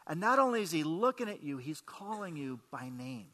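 Preaching in a conversational style, this pastor often asks his congregation questions. He speaks at a normal speed in a somewhat high, slightly bright voice with big swings in pitch. Long hall reverb fills the recording.

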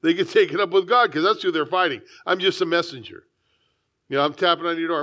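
A man with a notably high voice preaches a sermon. He speaks as a pastor, reading scripture and breaking into conversational asides. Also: quick pace, pushed and bright. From United States.

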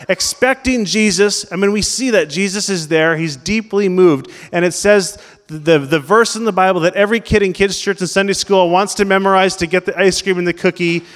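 A man gives a sermon in a conversational, questioning manner, his voice pitched high for a man. The sound carries a long reverb, as in a large church hall. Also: a bit bright. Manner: conversational preaching, questions the congregation. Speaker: pastor.

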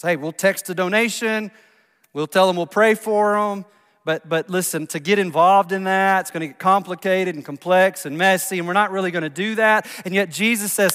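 A man preaching a sermon as a pastor, swinging from loud emphasis to hushed, near-whispered lines. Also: high-pitched. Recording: long reverb of a large hall.

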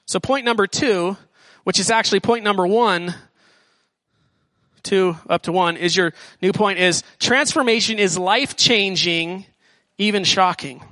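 A male student pastor preaching in a high, bright voice with a relaxed, slangy delivery. He slips in quick acted-out lines for the people in the story. The sound is dry and close. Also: no echo. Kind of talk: sermon.

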